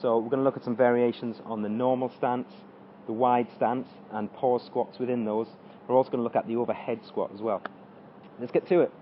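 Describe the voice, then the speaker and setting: A man's voice: medium pitch, level tone, fairly quick, lo-fi sound, slight background noise. A man coaching an exercise tutorial, talking through squats as he demonstrates them and straining during the reps. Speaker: fitness coach.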